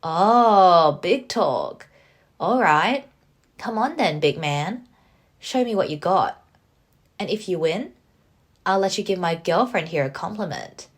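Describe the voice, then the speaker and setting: Give me a woman acting out a cocky young male coworker from a visual novel, all smug teasing and trash talk. The voice sits a little low. He ribs everyone, even when he loses. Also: measured pace, long pauses, slightly rough. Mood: taunting.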